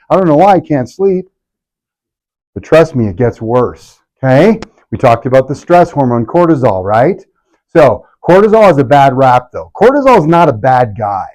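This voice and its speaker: In a clinic event room, a man runs a lively health workshop for a live audience, putting questions to the room and jokingly acting out patients' complaints. His voice is a little high, and the audio is poor.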